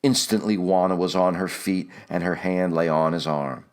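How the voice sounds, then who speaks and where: A male audiobook narrator with a deep, low voice. He reads in a measured, deliberate manner, slowing down to weigh his phrases. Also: steady tone.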